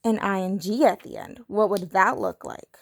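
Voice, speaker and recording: A young woman teaching a recorded spelling lesson to third graders, playful and self-mocking, spelling words out slowly letter by letter. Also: medium pitch, vocal fry.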